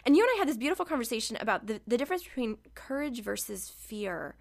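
A woman's voice: a little high, very animated, fast talker, gravelly. A woman hosting a podcast interview, enthusiastic and chatty, with a gushing way of talking. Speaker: podcast host.

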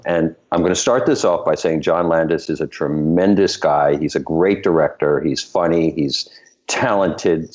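An older man being interviewed as a choreographer guest, telling stories in an animated way and laughing between them. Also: very deep voice. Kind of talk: anecdotal interview storytelling. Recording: dull lo-fi recording.

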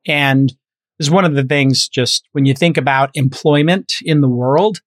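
A man's voice: medium pitch, moderate pace, dry recording. A middle-aged man hosting a podcast, chatting casually and thinking aloud with plenty of fillers. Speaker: podcast host.

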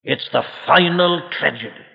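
A man's voice: on the high side, normal speed, creaky. A man preaching a solemn, emphatic sermon to a congregation, asking rhetorical questions. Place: church congregation. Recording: lo-fi archive recording with long hall reverb.

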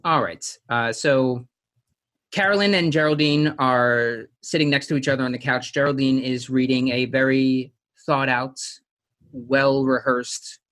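A man's voice: mid-range voice, steady tone, measured pace, fairly bright tone. A man co-hosting a casual podcast chat, rambling through his thoughts, laughing often and acting out quotes. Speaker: podcast co-host. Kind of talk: casual chat recapping a TV episode.

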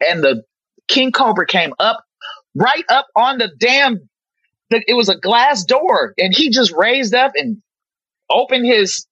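A woman guest on a podcast, telling stories in a casual, animated way, swearing often and leaning on "you know.". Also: on the high side, unhurried, husky, no echo, dull audio. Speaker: podcast guest, former reality show contestant. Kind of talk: casual storytelling chat.

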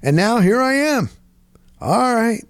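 A middle-aged man, telling a rambling story in casual chat, dropping "boom" into his sentences. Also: slow pace, smooth, dry recording, studio quality. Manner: animated, punctuates with "boom". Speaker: sports radio co-host.

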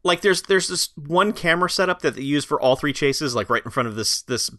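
A man in a casual movie chat, animated and profane, mocking scenes with exaggerated impressions. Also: on the high side, brisk, no echo, studio quality.

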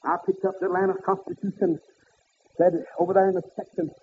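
A man preaching a fiery sermon, swinging up to high shouted peaks. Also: level tone, fast talker, a little hiss or hum. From American South. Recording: tinny phone-like old sermon tape.

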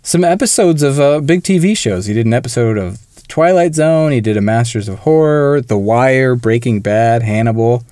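Male podcast co-host, relaxed explainer, dry close sound. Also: medium pitch, moderate pace, hardly any pauses, dry recording. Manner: conversational, explanatory, occasional laughs. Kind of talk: casual film review chat.

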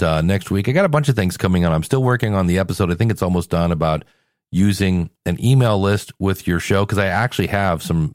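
A man's voice: sits low, a little mellow, no echo, clean studio sound. A male podcast host talking casually on his show, tired and sick with a cold, rambling and joking at himself. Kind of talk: casual solo podcast talk.

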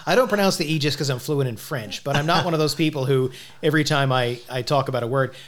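A man's voice: mid-range voice, quick pace. A man co-hosting a casual music chat show, bantering in a wry, joking way. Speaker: radio co-host.

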